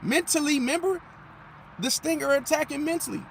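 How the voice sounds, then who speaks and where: A man giving an animated, emphatic astrology monologue and losing his voice. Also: very high-pitched, brisk, gravelly, slight background noise. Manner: animated, emphatic, repeats "see?"; drops into mocking impressions of others. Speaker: astrology commentator. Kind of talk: casual monologue.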